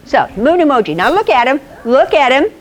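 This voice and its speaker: Woman doing a fun astronomy club talk, voice swoops all over, kinda high, keeps asking the crowd stuff. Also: brisk. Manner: playful, animated, asks the audience questions. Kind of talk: lively storytelling lecture. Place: presentation to a live audience.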